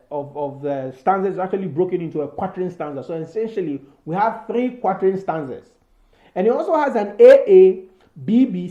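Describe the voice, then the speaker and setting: In a recorded poetry lesson, a male teacher explains poetic form and rhyme schemes, peppering his talk with "so" and "you know" and restarting words. His voice is a little high and warm, though the audio is dull and reverberant.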